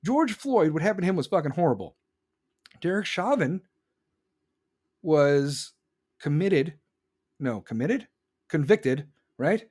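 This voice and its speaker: Cussing guy in his 40s, kinda high voice, ranting and mocking folks on his live show. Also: a little slow, long pauses, a little mellow. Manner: profane, heated, sarcastic, mocks others in put-on voices. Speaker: live-stream podcast host. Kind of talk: ranting political talk.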